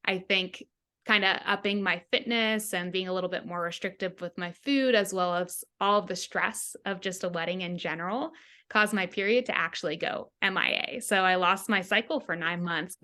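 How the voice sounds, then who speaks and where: A woman health coach with a bright, clear-edged voice, speaking as a podcast guest. She is earnest and reflective, and she slips into quoting her own inner voice to make a point. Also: medium pitch, normal speed. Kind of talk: casual interview chat.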